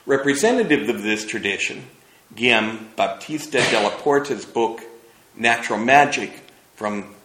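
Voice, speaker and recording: A man's voice: mid-range voice, expressive, moderate pace, a bit bright, echoey room, rough recording. A man giving an academic lecture about slides, thoughtful and hesitant, with many fillers.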